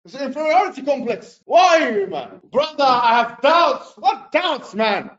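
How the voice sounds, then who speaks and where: High-pitched hectoring man, roomy lo-fi clip. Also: expressive, measured pace. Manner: scornful, hectoring, shouting at times. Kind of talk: heated lecture.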